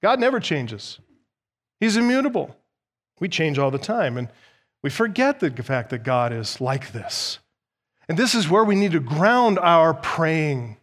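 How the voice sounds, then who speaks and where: A man's voice: on the high side, in a large hall. A man preaching an expository sermon as pastor, emphatic and repeating key phrases for stress.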